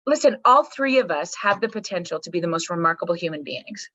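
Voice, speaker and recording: Psychologist lady guesting on a podcast, bright punchy voice, kinda dull dry audio. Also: on the low side, animated, fast talker, dry recording. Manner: emphatic, swears casually, keeps checking in with "right?" and "okay". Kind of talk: energetic podcast conversation.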